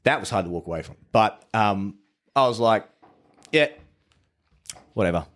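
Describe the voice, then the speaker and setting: A man with a fairly low voice talks as a podcast guest in loose, casual storytelling. He is blunt and swears freely. He often breaks off and restarts his sentences as he goes over the details. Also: expressive, normal speed.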